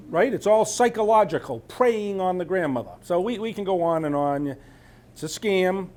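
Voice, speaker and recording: A man's voice: a little high, a little mellow. A man giving an informal talk about scams, reading from a news article with chatty asides and frequent "right?" checks. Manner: chatty, asks "right?" often, trails off mid-sentence. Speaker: presenter at a scam awareness talk.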